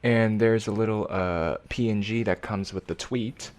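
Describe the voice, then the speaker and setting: A man's voice: lowish voice, measured pace, a little mellow. A man co-hosting a casual podcast, laid-back and teasing, often stammering as he restarts his sentences. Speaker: podcast co-host and editor. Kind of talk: casual group chat.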